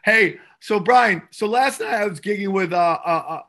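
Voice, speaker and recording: A man co-hosting a comedy podcast in casual chat, excitable with loud laughing bursts. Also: high voice, normal speed. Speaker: podcast co-host.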